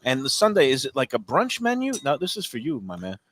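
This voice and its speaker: A man's voice: mid-range voice, wildly swooping pitch, fast, a bit bright. A man hosting a food radio show, chatting jovially at a restaurant table and talking while he eats. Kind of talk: casual chat at a restaurant table. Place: restaurant dining room.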